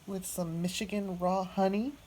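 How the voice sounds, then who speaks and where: A woman vlogging as she unboxes a gift at home, talking softly and gushing with gratitude. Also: medium pitch, steady tone, slight background noise. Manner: slow, soft-spoken and gushing with gratitude. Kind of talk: casual unboxing narration.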